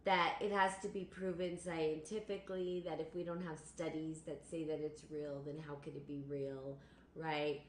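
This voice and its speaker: A woman with a fairly low voice hosts a spiritual live stream, circling back over her own phrases as she talks. The sound is echoey, as if from a bare room, with a faint hiss behind her. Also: flat delivery, normal speed. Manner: rambling, repeats phrases, laughs, greets viewers. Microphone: computer or phone on a live stream.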